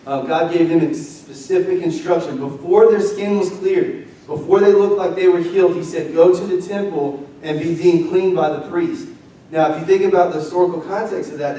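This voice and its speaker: A young man preaching a lively, conversational sermon as pastor, leading the congregation in call-and-response. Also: on the high side, slight background noise. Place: church sanctuary. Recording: roomy distant church mic.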